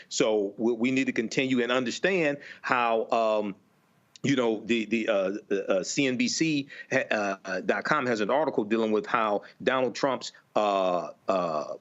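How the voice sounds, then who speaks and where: A man giving political commentary on a panel, halting, with many fillers and restarts. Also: medium pitch, fairly bright tone, highs cut off. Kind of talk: panel discussion.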